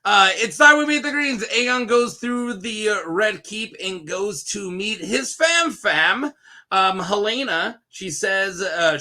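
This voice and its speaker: A young man with a high, bright voice talks through a TV episode in a loose, rambling solo review. He jokes constantly and laughs often at his own asides. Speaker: show reviewer. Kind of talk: casual solo review chat.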